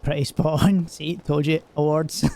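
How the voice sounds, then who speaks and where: A man's voice: fairly high pitch, flat delivery, unhurried, mellow, slight background noise. A young man with a semi-Glaswegian Scottish accent, chatting casually and jokily with lots of fillers while streaming a game. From Scotland. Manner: rambling, jokey, many fillers. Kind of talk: casual chat while gaming.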